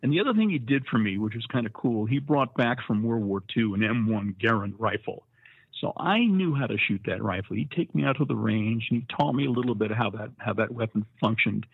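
Brief: husky older man, folksy storyteller, dry and thin-sounding line. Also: mid-range voice, lively intonation, fairly quick, no echo. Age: 70s. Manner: folksy, laughs at his own stories. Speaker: Marine veteran guest. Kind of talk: casual storytelling interview. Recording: dry, tinny phone-like line.

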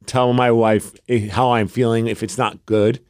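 A man in his thirties chats on a podcast in a relaxed, rambling way, often turning jokes on himself. His voice sits at a middle pitch. The sound is close and dry, with no room echo. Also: normal speed, smooth. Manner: rambling, self-deprecating storyteller. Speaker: podcast co-host. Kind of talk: casual chat.

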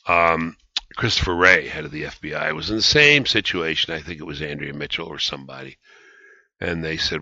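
A man's voice: extremely low pitch, vocal fry, pushed and bright, dry recording. A man hosting a podcast, rambling and emphatic in conversational political commentary, with many restarts. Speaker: podcast host. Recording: dry, slightly dull studio sound.

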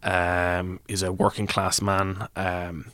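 A man's voice: deep voice, completely flat delivery, slow, a bit bright, no echo. A man rambling theatrically through a comic story, with many hesitations, on a comedy podcast. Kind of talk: improvised comedy podcast banter.

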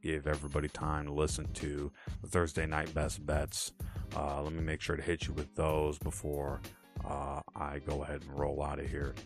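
A man's voice: rumbling low, normal speed, faint music behind. A man hosting a solo sports podcast, running through picks with punchy, jokey asides. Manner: animated, punchy pick announcements with jokey asides. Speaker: podcast host.

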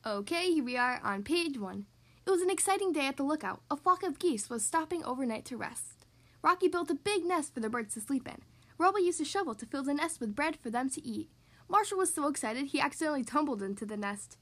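A woman hosting a podcast, reading a picture book aloud to young children in a bright, expressive storytelling manner. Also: sits high, a little fast. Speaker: podcast host reading to kids.

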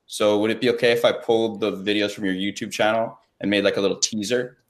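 A man's voice: fairly low pitch, fairly even intonation, quick pace. Casual, easygoing podcast host man. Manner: friendly, casual, frequent "like". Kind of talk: casual interview conversation.

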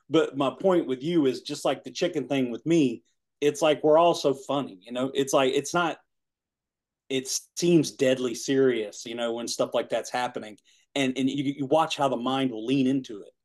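A man's voice: mid-range voice, darkish tone. A man in his forties telling a rambling personal story in casual chat, laughing often and saying "man" and "you know". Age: 40s. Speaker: guest.

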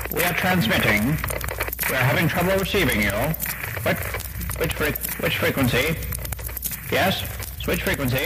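A man acting out a flustered old-timey male radio operator, calling out in halting, urgent transmission chatter. He drawls each line very slowly. A long reverb trails every word while loud music plays underneath. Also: medium pitch, voice pushed up.

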